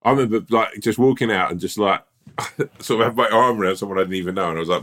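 A man's voice: lowish voice, fast, fairly bright tone. A man co-hosting a podcast, telling stories in a casual chat. He laughs often and acts out bits of dialogue. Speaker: podcast co-host.

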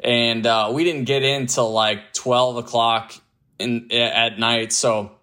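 Man, ballplayer guest, from Tampa, bright ringing tone, loose laughing chat, lots of fillers. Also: mid-range voice, fairly even intonation, takes it slowly, clear, resonant tone. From Tampa area, US. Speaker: pro baseball player, interview guest. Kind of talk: casual interview chat.

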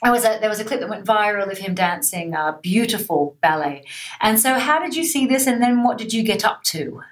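A woman interviewer asking questions in a lively, playful, chatty way. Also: mid-range voice, brisk. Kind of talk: casual interview chat.

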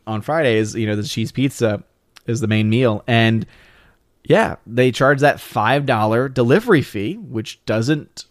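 A man's voice: medium pitch, dry recording, clean studio sound. Rambling man reading chat on a livestream. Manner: rambling, self-interrupting, reads viewer comments aloud.

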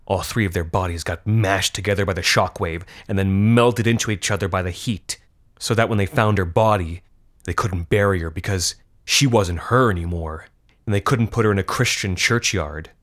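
A man's voice: low voice, normal speed, a bit bright. A man reading the part of a cruel teenage boy who taunts his cousins with morbid, gruesome details.

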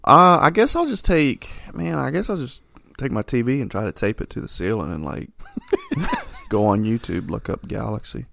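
A man's voice: medium pitch, animated, fairly quick, vocal fry, few pauses, sharp tone, a little hiss or hum. A man co-hosting a casual podcast chat, laid-back and joking, calling people dude and man.

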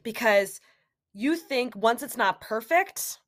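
A woman's voice: a little high, lively intonation, slow pace. A young adult woman hosting a solo podcast, talking casually and animatedly, acting out inner voices and quoted remarks. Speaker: podcast host.

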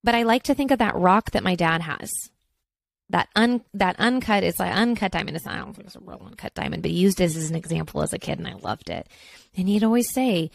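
A woman's voice: on the low side, animated, a little fast, gravelly, dry recording. A woman in her thirties hosting her own podcast, talking casually in a rambling, chatty way with lots of asides. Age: 30s. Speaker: podcast host. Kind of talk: casual solo podcast chat.

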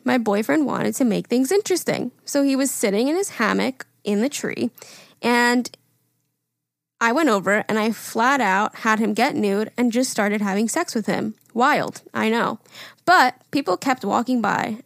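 A woman's voice: fairly high pitch, gravelly, no room sound, studio quality. A woman co-hosting a casual podcast, reading listener stories aloud in a blunt manner, swearing freely. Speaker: podcast co-host.

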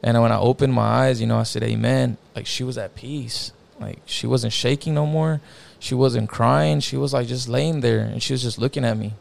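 Gravelly young man telling a story. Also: mid-range voice, fairly even intonation, moderate pace. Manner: slangy, profane, peppered with "bro" and "like". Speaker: guest telling a personal story. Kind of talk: casual storytelling chat.

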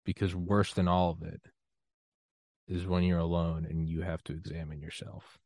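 A man's voice: low-pitched, little pitch movement, moderate pace, darkish tone, no echo, clean studio sound. A man from the United States hosting a podcast, talking in a loose, rambling, self-deprecating way and laughing often. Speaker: podcast host. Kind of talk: casual conversational interview.

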